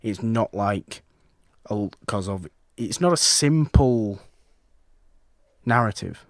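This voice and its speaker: A man co-hosting a podcast, talking about films casually, lively and acting out reactions. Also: on the low side, slow, dry recording, studio quality. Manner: animated, acts out reactions, frequent restarts. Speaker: podcast co-host. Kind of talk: casual film chat.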